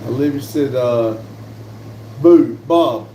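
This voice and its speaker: A man hosts a casual live stream, chatting slowly in a medium-pitched voice and reading viewer messages aloud. Relaxed and quick to laugh, he's picked up by a distant mic that gives a roomy sound with slight background noise.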